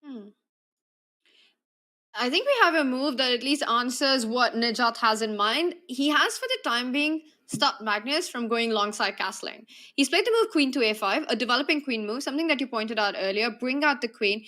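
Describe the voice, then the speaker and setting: Bright, lively woman chess commentator. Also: a little high, moderate pace. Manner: lively, playful, analytical.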